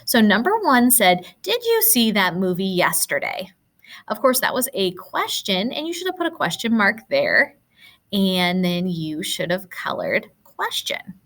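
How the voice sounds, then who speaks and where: In a recorded classroom lesson, a woman teacher patiently works through worksheet answers step by step, encouraging her pupils as she explains. Her medium-pitched voice is sing-song, a little slow, and fairly bright.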